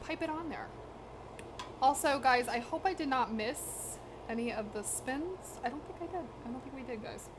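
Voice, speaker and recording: Against a noisy background, a young woman talks in a high-pitched, animated voice at a moderate pace. She's a cooking streamer in her home kitchen, chatting with live-stream viewers while she cooks, slangy, direct, talking to her chat and a little out of breath.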